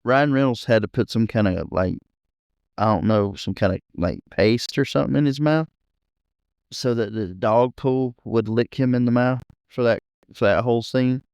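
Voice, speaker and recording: A man, co-hosting a podcast in relaxed casual chat, agreeable and quick to murmur assent. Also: mid-range voice, gravelly, clear, resonant tone, no echo. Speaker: podcast co-host. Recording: dull, muffled sound.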